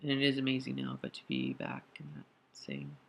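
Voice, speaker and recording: A man recording a personal video diary while crying, speaking in a halting, emotional way with many pauses and fillers. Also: medium pitch, big pitch swings, gravelly, husky, dull audio. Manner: grateful, soft-spoken confession. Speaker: vlogger.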